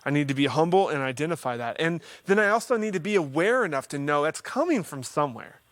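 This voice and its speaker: A man hosts a counseling livestream and talks through faith-based advice in a relaxed, conversational way, earnest with a touch of self-deprecating humor. His voice sits slightly high for a man. The sound is dry, with almost no room echo. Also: fast talker. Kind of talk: casual faith-based teaching talk.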